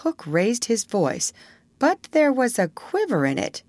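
A woman narrating a storybook in an expressive, measured reading. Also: fairly high pitch, no room sound.

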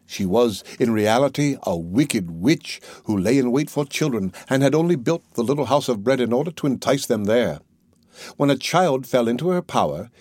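A man narrating a fairy tale in a measured, steady storytelling manner. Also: medium pitch, no room sound, studio quality. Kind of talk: storybook reading.

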